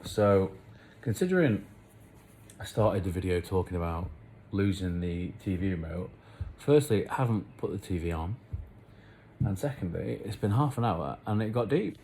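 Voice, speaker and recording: A man's voice: low-pitched, expressive, moderate pace, warm tone, slight background noise. Rambling man vlogging. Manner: rambling, swearing, philosophical, self-mocking. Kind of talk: casual rambling monologue to camera.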